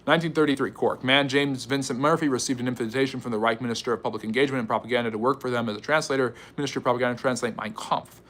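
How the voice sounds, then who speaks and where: An American man hosting a live history stream, reading out viewer comments and answering them in a quick, chatty, teasing way with frequent fillers. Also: medium pitch, steady tone, a bit bright. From United States. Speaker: history channel livestream host.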